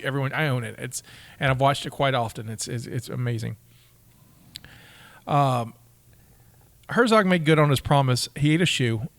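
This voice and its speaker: A man's voice: medium pitch, no echo. A man co-hosting a podcast, reading out trivia with eager stumbles and laughs in casual chat. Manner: enthusiastic, reads facts aloud with stumbles and laughs. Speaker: podcast co-host.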